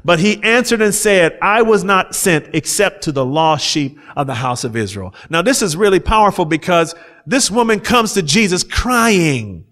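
A man's voice: high voice, sing-song, normal speed, fairly bright tone. A man preaching a sermon, reading scripture aloud and explaining it with rising fervor. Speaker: pastor.

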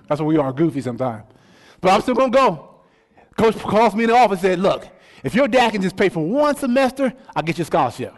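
Animated, high-pitched preaching man. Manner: animated storytelling, rhetorical questions. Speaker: pastor. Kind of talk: sermon.

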